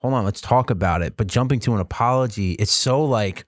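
Low-voiced man talking in a dry close sound. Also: no room sound. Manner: relaxed, halting, full of fillers. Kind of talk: casual podcast talk.

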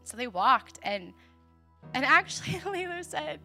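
A woman's voice: high-pitched, expressive, unhurried, sharp tone, faint music behind. A woman in her thirties preaching a sermon through a personal story, speaking earnestly and candidly, often laughing.

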